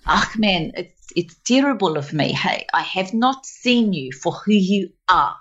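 A woman's voice: fairly low pitch, sing-song, unhurried, husky, dull audio, exaggerated voice. A woman voicing a middle-aged South African mother with a South African accent, blunt and heartfelt as she owns up to her mistakes. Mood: rueful.

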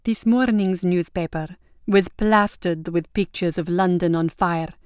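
Brief: young noblewoman, sweetly mocking, slow and deliberate, low smooth tone , voiced by a female narrator. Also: steady tone, a little mellow, dry recording, clean studio sound, natural voice. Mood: pointed. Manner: slow, sweetly innocent, mock-polite. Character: young Spanish countess, sly and mocking.

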